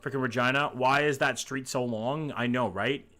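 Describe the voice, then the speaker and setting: A man's voice: medium pitch, fairly even intonation, moderate pace, sharp tone. A man streaming a geography game, chatting casually and reading chat aloud, swearing freely, a little sick. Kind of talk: casual live-stream chat while gaming.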